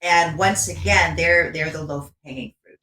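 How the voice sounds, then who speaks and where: A panelist in a political discussion, speaking hesitantly with many pauses. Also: medium pitch, bright, forceful tone. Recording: echoey room with faint noise.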